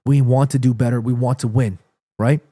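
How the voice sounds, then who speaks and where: A man's voice: medium pitch, fairly even intonation, normal speed, background noise, pitched below the performer's own voice, lightly acted. Earnest star footballer addressing fans, put on by a man, frustrated but resolute.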